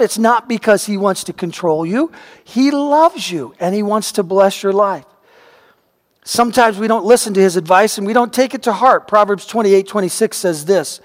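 A pastor preaching a sermon, telling a personal story in an animated way, his voice climbing and getting loud at the dramatic moments. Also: sits high. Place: church sanctuary. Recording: long reverb of a large hall.

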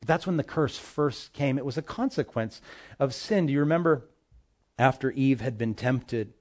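A male pastor preaching a sermon, addressing the congregation directly with emphatic swings between loud and soft. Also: medium pitch, animated, moderate pace.

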